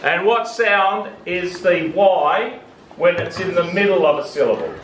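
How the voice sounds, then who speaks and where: A man's voice: sits high, animated, a little slow, a bit bright. A man teaching phonics to a student, patiently explaining vowel sounds and asking questions. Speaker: reading teacher. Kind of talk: classroom phonics lesson. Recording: echoey room, from a distance, faint hiss.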